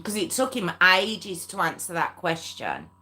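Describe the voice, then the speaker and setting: A woman's voice: on the low side, huge pitch swings, measured pace, bright, forceful tone. A woman hosting a true crime livestream, chatting casually with viewers, laughing often and addressing them by name. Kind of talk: casual live chat with viewers.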